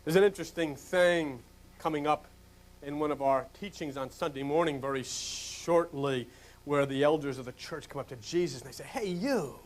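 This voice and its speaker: An older male pastor from New Jersey preaching a sermon, swinging from loud, emphatic questions to hushed whispers. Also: on the high side, moderate pace.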